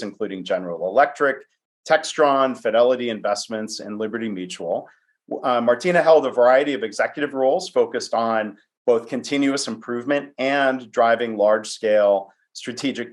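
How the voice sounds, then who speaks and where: With a mid-range voice and normal speed, a man runs an interview podcast in a relaxed, talkative style. He often makes fun of himself and leans on fillers.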